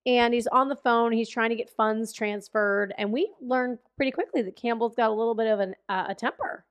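Higher-voiced woman recapping a movie casually. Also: a little fast, no echo. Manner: chatty, laughs often, acts out characters' lines. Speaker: podcast co-host.

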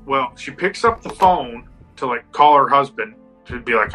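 A man's voice: medium pitch, moderate pace, faint music behind, low-quality recording. A man casually telling a spooky story, acting out the people in it. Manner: animated, acts out quotes. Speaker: guest storyteller.

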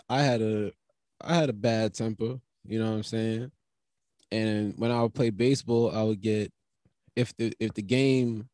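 A man with a somewhat high voice rambles through a profane comic monologue, drawling slowly from one tangent to the next. He restarts his sentences often and sometimes bursts into excited, high-pitched riffs. The recording is dry and close, with no room sound. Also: no room sound.

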